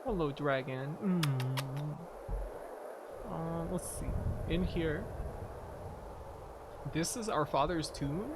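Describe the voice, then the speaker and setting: A man's voice: fairly high pitch, slow pace, long pauses, background noise. A man commenting on a game he is playing, making sarcastic, incredulous remarks and laughing asides. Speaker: gameplay commentator. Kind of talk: let's-play commentary.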